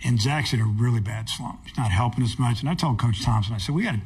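Baseball coach, man, husky tone, easygoing, rambling interview answers. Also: medium pitch, fast, darkish tone. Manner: folksy, rambling, many fillers and restarts. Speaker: college baseball head coach.

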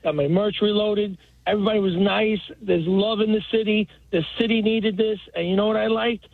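A high-pitched man with a gravelly edge calls in from New York, sleepless and talking in quick clipped bursts. His voice comes through a tinny phone line. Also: steady tone, no room sound. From Queens, New York. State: has not slept. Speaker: caller. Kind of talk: radio call-in.

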